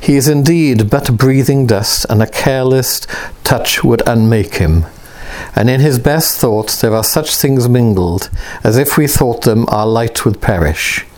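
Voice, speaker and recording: A man reading aloud the lines of a bodiless male archangel spirit, in a grave and measured way. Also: mid-range voice, a little mellow, lightly acted. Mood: solemn.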